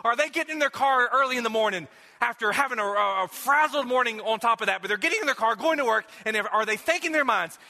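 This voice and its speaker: High, bright-voiced preacher in a reverberant hall. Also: male voice, expressive, quick pace. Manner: conversational, self-questioning preaching with repeated rhetorical questions. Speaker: pastor. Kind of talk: sermon. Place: church sanctuary.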